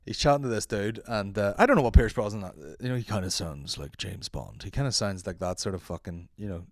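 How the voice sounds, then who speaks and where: A man's voice: fairly low pitch, brisk, no room sound, studio quality. An Irish man hosting a solo podcast, joking and swearing, and slipping into mock accents. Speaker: podcast host.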